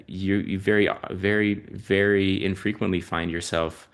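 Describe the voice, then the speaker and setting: A man with a low-pitched voice talks through family stories as a podcast guest. He pauses often and fills the gaps with ums and uhs. His delivery is slow and thoughtful. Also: steady tone. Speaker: podcast guest, parent and physician-researcher. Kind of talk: reflective conversational storytelling.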